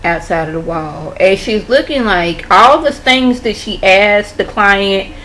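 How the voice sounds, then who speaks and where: A woman talking casually as a vlogger, walking through an episode of a show in a chatty recap. Her voice sits at a middling pitch, and she slips into quick impressions of the characters as she retells scenes. A faint hiss of noise runs underneath. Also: fairly bright tone, low-quality recording.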